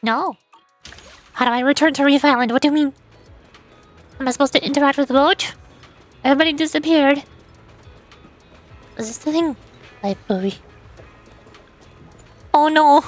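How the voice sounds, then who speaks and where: A young woman with a high voice streams a game, chatting playfully, reading dialogue aloud, and musing in confused asides. She talks at a moderate pace with frequent pauses, and soft music plays in the background.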